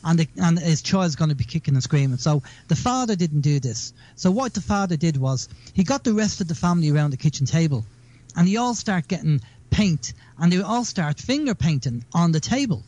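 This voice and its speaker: A man's voice: fairly high pitch, lively intonation, brisk, dark tone. A man hosting a radio show, chatting casually and rambling through stories with repeated words.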